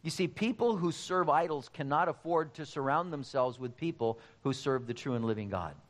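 A man's voice: a little high, animated, normal speed, long reverb tail. A man preaching a sermon, speaking emphatically and addressing the congregation directly. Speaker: pastor.

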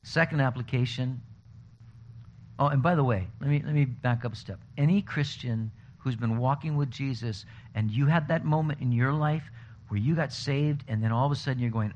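Male pastor, conversational sermon, animated storytelling, faint background hiss. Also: medium pitch, normal speed. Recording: dull lo-fi recording with faint noise.

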